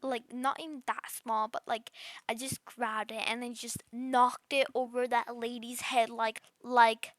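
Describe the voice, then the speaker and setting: A woman's voice: on the high side, level tone, measured pace, fairly bright tone, no room sound. A woman voicing a rude, bratty girl under ten who rambles smugly through her story with constant fillers. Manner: smug, gleeful. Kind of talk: voice role-play storytime.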